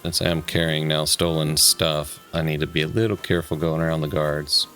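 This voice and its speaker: A man playing a medieval game and commenting casually, relaxed and wry. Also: a bass voice, brisk, faint music behind. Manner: relaxed, wry, chuckling to himself. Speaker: let's play host.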